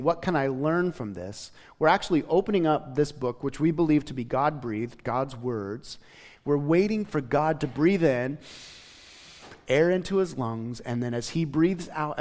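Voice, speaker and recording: A man preaching a conversational sermon as pastor, drifting between soft, hushed stretches and emphatic bursts. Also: mid-range voice. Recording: long hall reverb.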